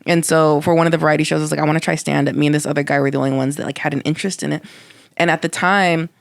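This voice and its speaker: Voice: medium pitch, steady tone, rapid-fire, creaky, no room sound. Laid-back podcast comic, dry sound. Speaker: podcast co-host and stand-up comic. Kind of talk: casual chat, storytelling.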